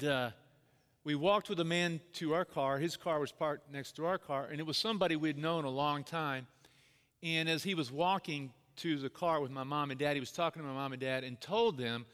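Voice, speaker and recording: A man's voice: on the high side, a bit bright, clear, resonant tone. A middle-aged man preaching a sermon, telling a personal story in an earnest, conversational way. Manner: storytelling, earnest, acts out quoted voices. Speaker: pastor. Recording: long hall reverb.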